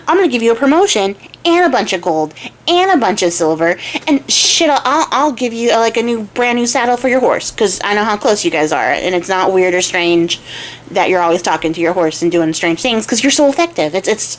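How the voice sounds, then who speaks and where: A woman's voice: fairly high pitch, fairly quick, slight background noise, natural voice. A woman voicing an old, demanding, boastful king who rambles and gushes in casual modern slang. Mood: gushing.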